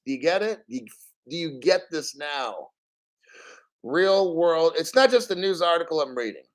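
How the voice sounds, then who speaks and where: A man with a somewhat high voice rants on a casual livestream. He is profane and emphatic, and he keeps hammering his points with rhetorical questions. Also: lively intonation, measured pace. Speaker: crypto livestream host. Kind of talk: casual live-stream rant.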